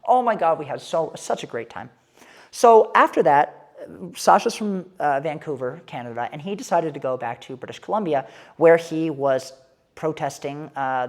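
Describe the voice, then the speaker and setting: A woman telling a story in a casual, candid and animated way, with an irreverent edge. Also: sits low.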